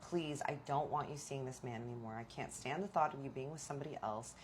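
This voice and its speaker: A woman voicing her pleading, remorseful husband in a hushed, begging tone. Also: extremely low pitch, quick pace, slight background noise.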